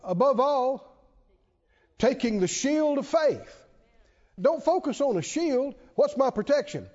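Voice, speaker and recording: A man's voice: very high-pitched, animated, slow pace, a little mellow. A man preaching a sermon to a congregation, emphatic and repetitive, often asking the listeners questions. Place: church. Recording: dull, lo-fi church hall reverb.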